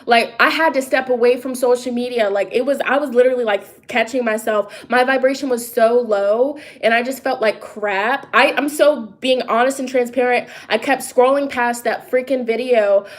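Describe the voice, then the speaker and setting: Emphatic, chatty higher-voiced woman. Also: normal speed, few pauses. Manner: emphatic, talks straight to viewers with rhetorical questions; loose and conversational, with frequent restarts and asides. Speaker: tarot reader and psychic. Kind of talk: casual vlog monologue.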